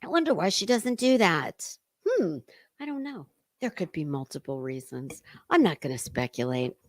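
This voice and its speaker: A woman's voice: fairly low pitch, big pitch swings, normal speed, no room sound. A woman hosting a casual livestream commentary, talking in a sarcastic, mocking way and chatting to viewers. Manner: sarcastic and mocking, with lots of fillers.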